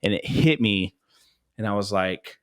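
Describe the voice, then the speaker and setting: A man co-hosting a podcast, talking in a casual, animated way, swearing freely and acting out what people said to him. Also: lowish voice, a little slow, clean tone. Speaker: podcast co-host. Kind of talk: casual chat.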